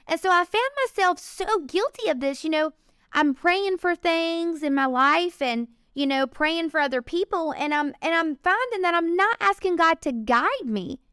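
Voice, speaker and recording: A woman's voice: very high-pitched, lively intonation, normal speed, a bit bright, no room sound, clean studio sound. A young woman giving an earnest, emotional faith testimony, talking straight to her viewers. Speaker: faith vlogger. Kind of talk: personal testimony talk.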